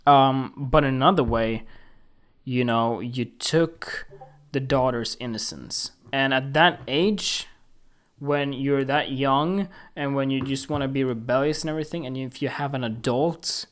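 Brief: man of ordinary pitch, venting angrily to camera, lots of swearing and stop-start phrasing. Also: fairly bright tone, smooth. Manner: indignant, emphatic and profane, with halting restarts. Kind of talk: casual opinion rant to camera.

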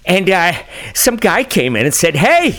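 Goofy new cartoon dad, high bright voice swinging all over, mangles words. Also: male voice, very animated, unhurried, exaggerated voice. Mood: goofy boasting. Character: bumbling loud-mouthed cartoon family dad.

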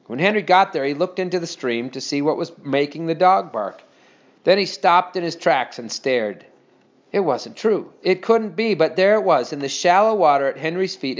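A man reading a children's story aloud with steady, expressive storytelling. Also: a little high. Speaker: narrator. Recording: dull lo-fi recording.

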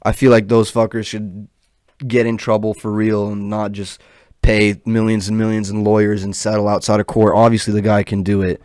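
A man's voice: on the low side, completely flat delivery, moderate pace, darkish tone, dry recording, clean studio sound. A young man in his twenties hosting a podcast, ranting in a profane, rambling, heated way. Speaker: podcast host. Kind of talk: casual podcast rant.

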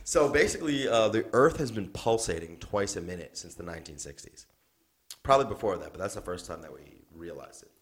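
Low-voiced young man, lively chat. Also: fairly quick. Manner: rambling, laughs often, swears casually. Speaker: podcast co-host. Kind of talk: casual chat.

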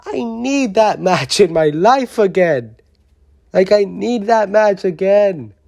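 Unhurried, soft-toned wrestling vlogger; blunt, rambling, excitable opinions. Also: medium pitch, vocal fry. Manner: rambling, excitable, with many restarts; blunt, with mild swearing. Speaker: wrestling show reviewer. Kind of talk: casual opinionated review.

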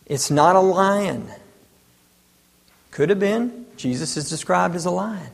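A man's voice: high voice, animated, takes it slowly, vocal fry, in a large hall. A man in his thirties preaching a sermon, asking rhetorical questions and pressing his points with emphasis. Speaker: pastor.

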